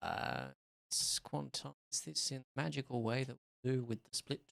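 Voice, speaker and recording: A man's voice: medium pitch, animated, moderate pace, vocal fry, very noisy. A man casually talking to himself during a live stream as he works on a music track, thinking aloud about edits. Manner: musing aloud while editing a track. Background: music playback.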